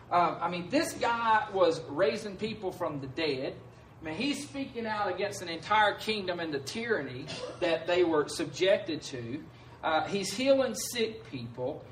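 High-voiced man preaching in a roomy hall. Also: fairly bright tone, a little hiss or hum. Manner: conversational preaching, frequent "right?" asides; acts out quoted voices with rising pitch. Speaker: pastor. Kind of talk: sermon. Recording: roomy sound from a distance, faint background.

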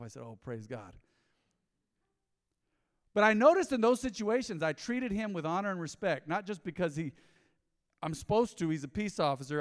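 Pastor, male, somewhat high voice, animated storyteller preaching in a big reverberant sanctuary. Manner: storytelling, animated, acts out dialogue. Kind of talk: sermon. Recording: long hall reverb.

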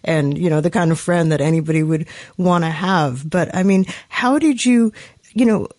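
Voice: medium pitch, moderate pace, darkish tone, no echo. An interview host asking long, earnest questions with frequent restarts. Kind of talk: conversational interviewing.

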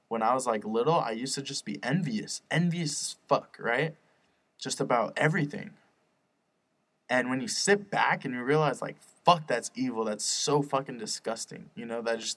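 A man's voice: medium pitch, a bit bright. A young man hosting his own podcast, rambling and swearing often, earnest and fired up about spreading positivity. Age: young adult. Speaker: podcast host. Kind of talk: casual solo podcast rant.

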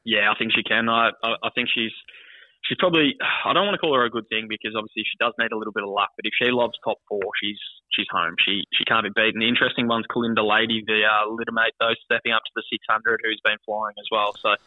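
A man gives his greyhound picks quickly, in a lowish voice, repeating and restarting his words. He sounds tinny and narrow, like he is calling in on a phone line, with no room around him. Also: fairly even intonation, no room sound. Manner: quick, halting, repeats words, self-deprecating. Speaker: greyhound racing tipster co-host. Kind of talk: casual racing tips chat.

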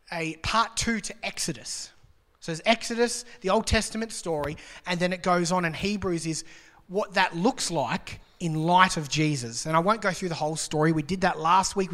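Bright-voiced man preaching in a hall. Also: high-pitched, fairly quick. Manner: conversational and joking, with rhetorical questions. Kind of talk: sermon. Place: church hall. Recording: long reverb of a large hall.

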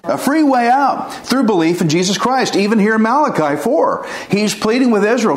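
A man's voice: high-pitched, animated, moderate pace, few pauses. A man preaching an informal sermon, earnest and pleading, with folksy chuckles. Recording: echoey room.

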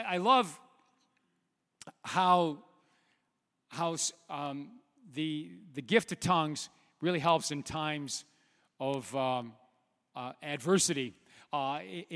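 A middle-aged man preaches in a church, his voice high and bright. He stumbles through fillers and restarts, then swells into loud, emphatic delivery. The sound carries a long hall reverb. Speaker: pastor. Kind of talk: sermon. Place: church sanctuary.

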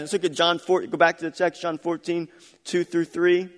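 A middle-aged male pastor delivering a sermon with a slightly raised voice. He hammers points home through repetition, dropping low and then surging loud. His voice rings out with a long reverberant tail. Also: little pitch movement, normal speed. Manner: emphatic, repetitive preaching with swings from soft to loud.

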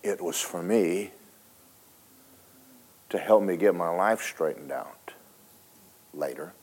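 A man preaching a sermon, telling a story dramatically, switching between loud and hushed and talking straight to the congregation. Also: low voice, lively intonation, slow, gravelly, husky. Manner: folksy, speaks to the congregation directly.

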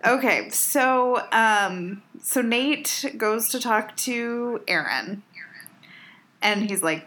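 A woman co-hosting a podcast over a remote call, recapping a TV episode with quick, exasperated commentary. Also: a little high, bright, forceful tone. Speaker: podcast co-host recapping a TV show. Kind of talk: casual chat.

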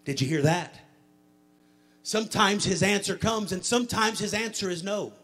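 Leading an altar prayer after his sermon, a high-voiced male pastor speaks at normal speed in a church sanctuary, rising into a chanted, shouted preaching rhythm.

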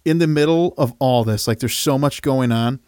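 A man co-hosting a podcast who talks through a film in casual chat, amused and animated. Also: medium pitch, moderate pace, smooth, no room sound, clean studio sound. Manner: amused, animated, laughs through his lines. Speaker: podcast co-host.

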